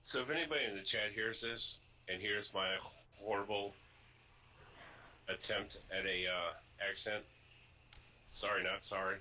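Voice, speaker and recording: A man's voice: lowish voice, fairly even intonation, measured pace, long pauses, bright, forceful tone, a little hiss or hum, poor audio. A man co-hosting a casual podcast, talking bluntly and joking, often repeating himself. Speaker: podcast co-host. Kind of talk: casual chat.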